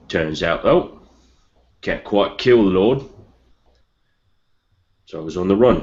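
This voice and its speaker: A man playing a bitter, grieving young outcast hunter, delivering a blunt, sweary in-character monologue in a tabletop game. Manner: brooding, blunt, sweary, low and slow. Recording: muffled lo-fi recording.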